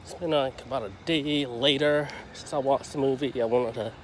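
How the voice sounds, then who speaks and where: A man's voice: medium pitch, fairly even intonation, normal speed, slight background noise. A man giving a casual, profane and heated movie review, rambling and swearing as he goes.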